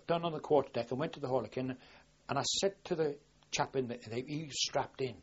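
An older man with a very husky, breathy voice tells his naval memories in a rambling, conversational way, often restarting his sentences and acting out what was said. His pitch sits in an ordinary middle range. The recording sounds dull and lo-fi, like an old archival tape. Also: brisk. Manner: rambling with frequent restarts, lively when quoting himself. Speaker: war veteran recalling service. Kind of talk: oral history recollection.

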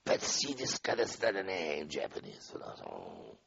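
An older man recalling events in an oral history interview, acting out the dialogue with animated energy. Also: extremely low pitch, a little slow, creaky, husky, no echo, muffled recording. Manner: animated storyteller, acts out dialogue, laughs often.

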